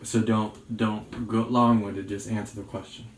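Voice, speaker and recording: A man's voice: fairly low pitch, little pitch movement, a little slow. A playful man teases and quizzes his co-host in a bossy, joking way. The room is echoey, with a faint hiss behind him. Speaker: co-host asking questions. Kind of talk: casual chat. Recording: roomy with faint noise.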